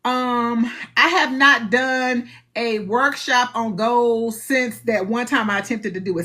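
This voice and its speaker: A high-voiced woman hosts a live online book discussion. Her tone is bright and ringing. She talks in an animated, preachy way and acts out little dialogues. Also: takes it slowly.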